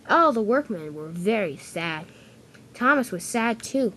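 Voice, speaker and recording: A woman narrating a toy-train story off the cuff, often stumbling and restarting. Her higher voice swings widely in pitch, with a faint background hiss. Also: expressive, takes it slowly, fairly bright tone.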